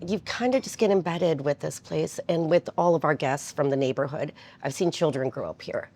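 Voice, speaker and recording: A woman's voice: low-pitched, moderate pace, mellow. A woman in an interview, reflecting on years of restaurant work in a heartfelt, storytelling way. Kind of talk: casual interview talk.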